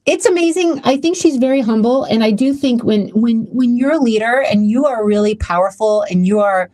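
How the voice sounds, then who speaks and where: A woman's voice: fairly high pitch, normal speed, mellow. A woman hosting her own podcast, talking casually and emotionally with many restarts. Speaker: podcast host. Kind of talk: casual solo podcast talk.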